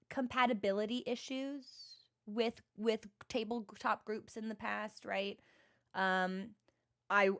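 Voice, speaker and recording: A woman's voice: medium pitch, fairly bright tone. A young woman streaming and chatting with viewers, rambling and self-deprecating, often restarting her sentences. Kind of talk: casual chat with stream viewers.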